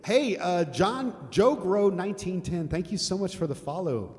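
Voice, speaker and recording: Guitar music plays behind this older man from the United States as he talks with his live stream viewers, laughing, wandering off topic and cursing now and then. He has a high voice with lively intonation at a moderate pace, and the audio carries long reverb.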